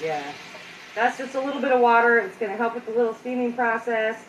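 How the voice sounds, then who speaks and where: A woman's voice: a little high, steady tone, fairly quick, reverberant, recorded from a distance, slight background noise, low-quality recording. A woman chatting casually with her viewers as she cooks a simple meal on a live stream at home, talking to them directly and poking fun at herself. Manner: chatty and self-deprecating, talks to viewers directly. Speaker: home cook hosting a live cooking stream. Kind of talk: casual live cooking chat. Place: home kitchen.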